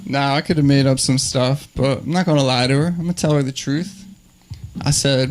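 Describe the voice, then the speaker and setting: A male comedian tells a story with a dry, deadpan delivery. His voice sits at an ordinary mid pitch and stays unhurried. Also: slight background noise. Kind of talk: stand-up storytelling.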